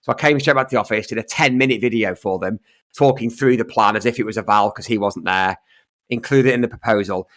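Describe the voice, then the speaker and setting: A man's voice: on the low side, fast, a bit bright, dry recording. A man co-hosting a casual podcast as an estate agent, telling stories and acting out both sides of the conversations.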